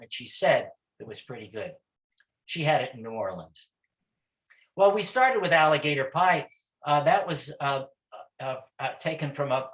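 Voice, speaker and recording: A man giving a talk on music for young children, in a halting, chatty way with many restarts and sudden loud rhythmic chanting demonstrations. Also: mid-range voice. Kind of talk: informal lecture with chanting demos.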